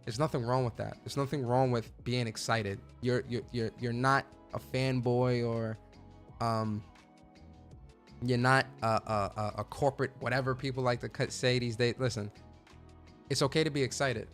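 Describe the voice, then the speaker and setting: A man's voice: mid-range voice, fairly even intonation, moderate pace, soft background music. A man hosting a gaming podcast in a casual rant, swearing freely, emphatic, often repeating words as he stumbles. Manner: profane, emphatic, stammering repeats. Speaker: podcast host.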